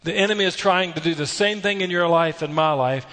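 A man's voice: fairly high pitch, fairly quick, a bit bright. Earnest preacher man in a reverberant hall. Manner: earnest, repetitive exhortation with rhetorical questions. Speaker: pastor. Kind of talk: sermon.

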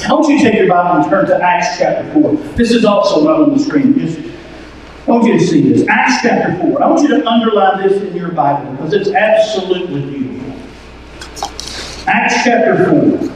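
A male pastor preaching a sermon to his congregation, with emphatic, drawn-out phrases and frequent calls for them to listen. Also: sits high, a little hiss or hum. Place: large church hall. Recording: echoey hall from far off.

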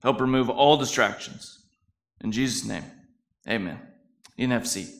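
A man's voice: mid-range voice, normal speed, vocal fry. A male pastor preaching a conversational sermon, telling stories with frequent "uh" fillers.

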